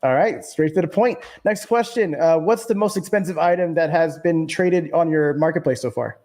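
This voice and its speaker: A man's voice: fairly high pitch, normal speed, a little mellow. A man hosting a gaming podcast in a laid-back, casual way, laughing easily. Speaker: podcast host.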